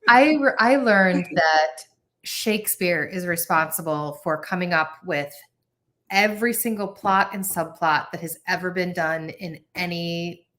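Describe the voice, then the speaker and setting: A woman's voice: lowish voice, measured pace, a bit bright. A woman, a guest on a casual chat over a video call, playfully joking along. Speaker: podcast guest.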